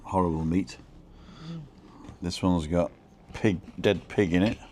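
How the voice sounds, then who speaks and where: A man's voice: low voice, fairly even intonation, slow, a little mellow, a little hiss or hum. A man hosting a casual live stream, rambling about food and reading viewer comments aloud. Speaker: vlog host. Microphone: own microphone.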